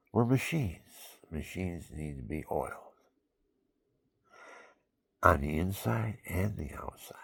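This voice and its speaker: A man's voice: rumbling low, creaky, no echo. An older man at home on his couch, giving rambling folksy health tips and counting aloud. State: out of breath. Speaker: vlogger. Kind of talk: casual health talk to camera.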